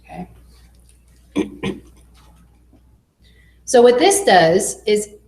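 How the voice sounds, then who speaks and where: A woman's voice: mid-range voice, big pitch swings, a little mellow. Woman lecturing in an echoey classroom. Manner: slow, explanatory, checks in with okay. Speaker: biology instructor. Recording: echoey classroom with faint noise.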